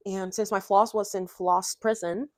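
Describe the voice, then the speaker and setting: A young adult woman chatting excitedly about cross stitch in a casual vlog from her home craft room, rambling and gushing with lots of fillers. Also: medium pitch, a little slow, no echo.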